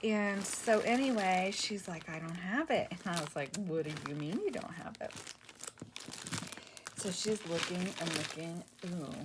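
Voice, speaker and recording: A woman in her forties, a craft vlogger, chatting casually and rambling through a story while she works, sometimes dropping to a soft near-whisper. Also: on the low side. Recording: paper crinkling noise in the background.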